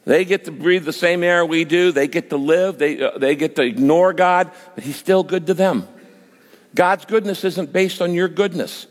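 Man preaching a sermon in a reverberant hall. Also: normal speed. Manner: storytelling with quoted prayers, animated swings in pitch. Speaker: pastor.

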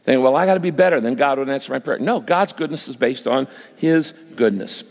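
A male pastor preaching a sermon, telling a personal story with quoted prayers and lively shifts in pitch. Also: brisk. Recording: long hall reverb.

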